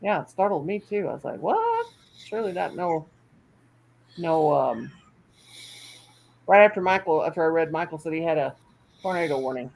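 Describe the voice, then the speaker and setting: A woman's voice: low-pitched, fairly quick, vocal fry, pauses often, rough recording. An older woman hosting a casual livestream at home, chatty and folksy, reading comments aloud and laughing often. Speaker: livestream host.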